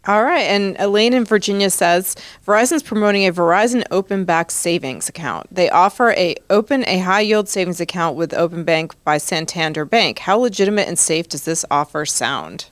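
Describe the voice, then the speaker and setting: A woman's voice: fairly low pitch, expressive, moderate pace, hardly any pauses, no room sound. A woman co-hosting a consumer advice show, reading listener questions aloud to the host. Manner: reads questions aloud, brief interjections.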